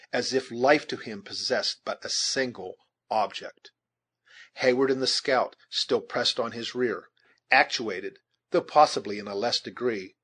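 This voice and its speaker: A man reading a novel aloud in a steady, measured narration. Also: medium pitch, slightly rough. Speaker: audiobook reader. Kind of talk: scripted narration.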